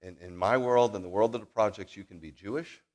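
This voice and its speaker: A man leading a Shabbat service, preaching a sermon that mixes scripture with folksy personal stories, swinging from loud declarations to quiet asides. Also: fairly low pitch, brisk. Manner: folksy, joking, talks straight to the congregation. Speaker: congregation leader preaching.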